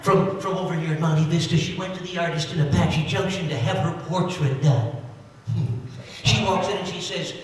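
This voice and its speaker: A man's voice: high voice, normal speed, a little hiss or hum. A man telling jokes in a folksy, chatty stand-up routine. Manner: folksy, chatty joke delivery. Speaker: stand-up comedian. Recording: echoey hall recorded from far off.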